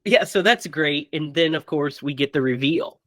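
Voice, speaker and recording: A man co-hosting a casual movie podcast, retelling scenes with quick quoted character lines. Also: a little high, a bit bright, dry recording, clean studio sound. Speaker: podcast co-host.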